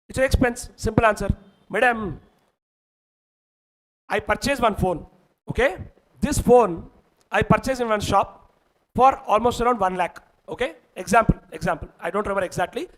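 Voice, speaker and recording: Male teacher, Indian English accent, high voice, emphatic explainer who keeps checking in with the class. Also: fairly bright tone, low-quality recording. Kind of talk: online exam-prep lecture.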